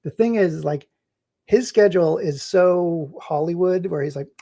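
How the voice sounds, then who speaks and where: Gravelly rambling man on a live stream. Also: high voice, measured pace, warm tone. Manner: rambling and chatty, laughs often. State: hiccuping. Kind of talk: casual live-stream chat while gaming.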